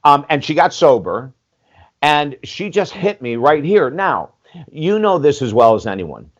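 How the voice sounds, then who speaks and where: With a slightly high voice and a measured pace, a life coach in his sixties candidly tells his story on a podcast, and the audio sounds dull. His telling is lively, with acted-out quotes, plenty of "you know," and casual swearing.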